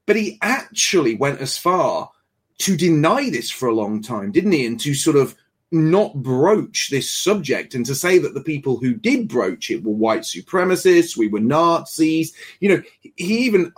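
A man hosting a casual discussion show, talking in an animated, sarcastic and indignant way. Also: on the high side, measured pace, husky. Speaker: show host.

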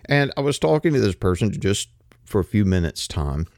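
Lively, ranting man hosting a podcast. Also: fairly low pitch, normal speed, no echo, clean studio sound. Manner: colloquial, animated ranting with slang. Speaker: podcast host. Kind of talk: casual ranting commentary.

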